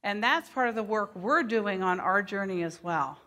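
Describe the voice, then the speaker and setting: A middle-aged woman giving a workshop to teachers, speaking deliberately and modeling phrases for the audience to repeat. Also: mid-range voice, animated, sharp tone. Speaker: early childhood educator giving a workshop.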